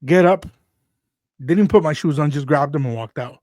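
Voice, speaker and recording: Animated storytelling man, dry mic. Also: fairly high pitch, normal speed, dry recording. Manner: animated storyteller acting out quotes. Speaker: radio show host. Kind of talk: casual storytelling chat.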